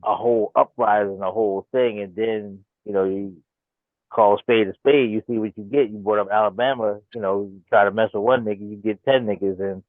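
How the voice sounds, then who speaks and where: A man's voice: fairly low pitch, fairly even intonation, brisk, no echo, phone-quality sound. A man speaking as a guest in a casual online panel chat, talking in a loose, slangy way with lots of filler.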